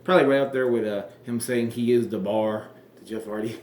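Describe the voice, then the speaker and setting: A man's voice: mid-range voice, steady tone, a little fast, darkish tone, roomy sound, slight background noise. A man casually reviewing an old wrestling show, sarcastic and profane, rambling.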